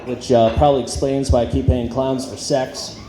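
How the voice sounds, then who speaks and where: With little pitch movement, a mid-range voice, dark tone and normal speed, a stand-up comic delivers an awkward club set, putting himself down, saying um, and trailing off. Audience laughter and noise echo in the roomy space.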